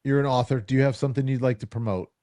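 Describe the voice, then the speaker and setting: Speaking very fast at medium pitch, a middle-aged podcast host tells stories in loose conversation and animatedly acts out quoted lines. The sound is clean studio audio without room echo.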